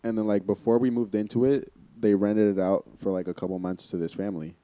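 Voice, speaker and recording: A man's voice: fairly low pitch, fairly even intonation, brisk, warm tone, no room sound. A young man telling a ghost story in casual chat, rambling with many fillers and swearing as he goes. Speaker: podcast co-host.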